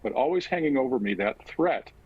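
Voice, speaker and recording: An older man and physician, recounting a personal story slowly and with measured pauses. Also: medium pitch, expressive, husky, phone-quality sound. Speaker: guest, physician and author.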